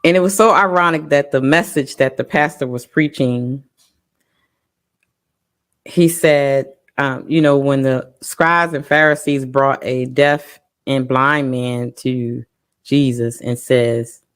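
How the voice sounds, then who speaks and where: A woman co-hosting a parents' talk show, telling a personal story in an emotional, halting way with many pauses and restarts. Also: rumbling low, steady tone. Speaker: parent co-host. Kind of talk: casual personal testimony.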